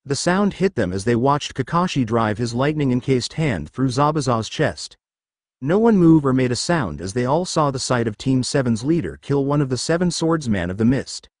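A man's voice: mid-range voice, dry recording, studio quality. A man reading a fanfiction story aloud as narrator.

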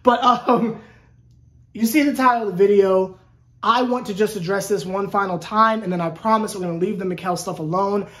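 A woman's voice: medium pitch, moderate pace, fairly bright tone. A sarcastic woman rants about her team on a sports vlog. She talks in a mid-range voice and circles back with lots of restarts. The delivery stays loose and conversational throughout. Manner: sarcastic and rambling, with frequent restarts. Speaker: sports YouTuber covering a basketball team. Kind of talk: casual vlog rant.

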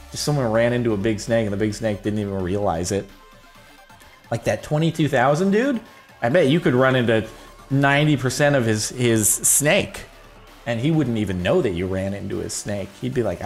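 A man giving casual, jokey commentary on his own gameplay, rambling and laughing as he plays. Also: medium pitch. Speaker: gaming video host.

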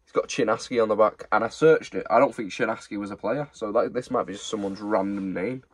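A young man's voice, fairly low and husky, comes through with no echo as he talks a little fast. He's an online reseller casually showing off secondhand football shirts in a rambling haul chat.

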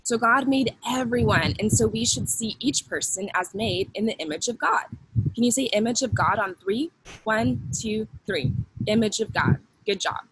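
A woman's voice: a little high, normal speed, fairly bright tone, a little hiss or hum, rough recording. Upbeat young woman teaching kids. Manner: upbeat, call-and-response with children. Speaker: children's ministry teacher. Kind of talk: Bible lesson for kids.

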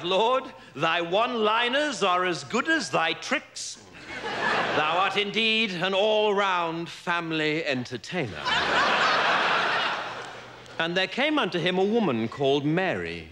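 A solemn vicar who intones scripture in a slow, measured church cadence, his fairly high voice rising and falling widely. This live stage recording carries a loud hiss underneath. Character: solemn male vicar reading a mock gospel lesson. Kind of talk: live stage sketch, mock scripture reading. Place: theater stage with audience.

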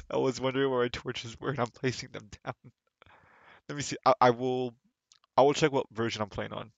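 Gravelly-voiced man rambling on a stream. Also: mid-range voice, animated, moderate pace, no echo, lo-fi sound. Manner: rambling, stumbling with repeated words. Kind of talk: casual live gameplay chat.

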